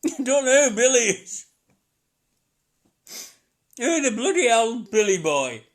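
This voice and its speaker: A man's voice: very high-pitched, big pitch swings, takes it slowly. A middle-aged man working as a psychic medium, giving a live reading to a sitter in a chatty, repetitive way, laughing often.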